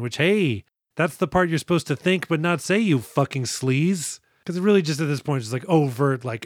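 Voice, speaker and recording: Guy cohosting a movie podcast, kinda higher voice, snarky and sweary, dry close mic. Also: animated, a little fast, dry recording. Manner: sarcastic, profane, jokey recaps. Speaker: podcast co-host. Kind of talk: casual movie podcast chat.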